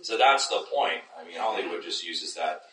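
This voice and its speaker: A man's voice: deep voice, expressive, moderate pace, pushed and bright. A man teaching a Bible class, engaging his listeners and often checking that they follow. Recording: echoey room, distant mic, faint noise.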